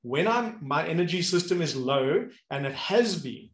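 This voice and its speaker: Animated man, roomy sound. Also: on the high side, moderate pace. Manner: animated storyteller, acts out the people he describes. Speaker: movement coach and host. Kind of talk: casual conversation. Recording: roomy echo.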